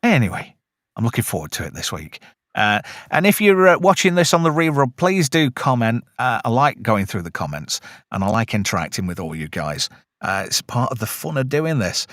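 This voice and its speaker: Casting: male host, mid-pitched, easygoing chatty patter, dry close mic. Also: normal speed, no room sound. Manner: relaxed, chatty sign-off patter. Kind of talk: casual podcast chat.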